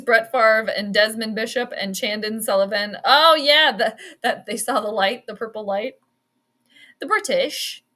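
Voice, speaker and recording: A bubbly woman hosts a casual sports chat stream, reading out viewer comments and laughing often. Her voice sits a touch high and sounds bright and forceful. She keeps a loose, chatty manner throughout. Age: adult. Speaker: sports podcast host.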